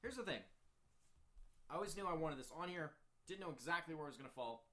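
A man co-hosting a casual film chat, rambling with many fillers and jumping up in pitch when he gets excited. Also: fast, a crowd in the background. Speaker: co-host ranking films.

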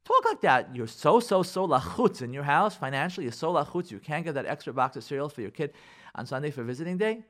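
A rabbi talking on a radio show, giving emphatic marriage advice and acting out what spouses say to each other. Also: male voice, on the high side, animated, fast, fairly bright tone. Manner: emphatic, acts out spouses' lines, uses Hebrew and Yiddish words.

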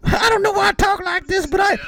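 A man voicing a goofy, over-eager male radio caller in a squeaky, giggly voice. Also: quick pace, creaky, a crowd in the background.

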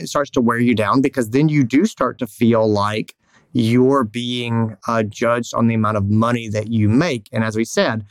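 A man's voice: medium pitch, vocal fry, no echo. Candid male podcast host, dry mic. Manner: candid, rambling, lively storytelling with acted quotes. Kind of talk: casual podcast chat.

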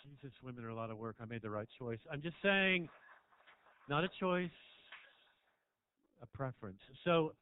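A man doing a stand-up set in a small club, teasing the crowd, swinging between low mutters and loud shouts. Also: normal speed, pauses often, smooth. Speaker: stand-up comedian. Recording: dry, tinny phone-like sound.

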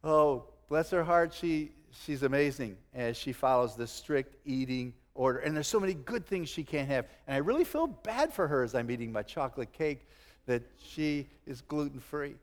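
A middle-aged man preaching a sermon, animated, acting out quotes and chuckling now and then. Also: on the high side, long reverb tail. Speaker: pastor.

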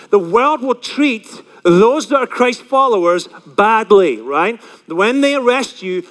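A man preaching a sermon as pastor, telling stories with animated delivery and acting out the voices of the people he quotes. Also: high-pitched, big-room sound.

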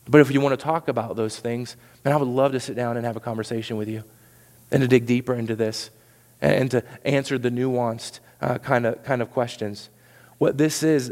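A man's voice: medium pitch, a little mellow. A man preaching a sermon as pastor, earnest and urging, often repeating words as he presses a point. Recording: long hall reverb.

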